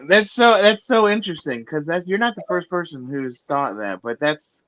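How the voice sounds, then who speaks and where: A man's voice: on the high side, expressive, moderate pace, a bit bright, dull audio, a little hiss or hum. A man from the southern United States, teasing and joking crudely in casual livestream chat. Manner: joking, teasing, swears freely.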